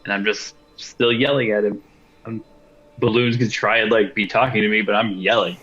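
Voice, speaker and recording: A man playing a tabletop game, talking excitably and laughing at times. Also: fairly low pitch, moderate pace, lo-fi sound, soft background music. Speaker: player. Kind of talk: casual tabletop play.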